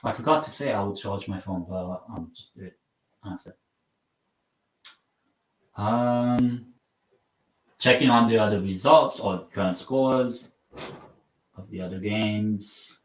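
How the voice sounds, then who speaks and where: A man hosting a casual live football watchalong. He rambles and mocks himself, and his sentences often trail off quietly. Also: lowish voice, slow, pauses often. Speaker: live stream host. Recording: roomy sound from a mic at some distance.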